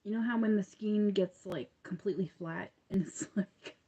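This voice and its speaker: A woman's voice: mid-range voice, normal speed, warm tone, husky, muffled recording. A young woman with an upstate New York accent, chatting casually and rambling while she crochets on a livestream. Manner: rambling, chatty, laughs often, many fillers.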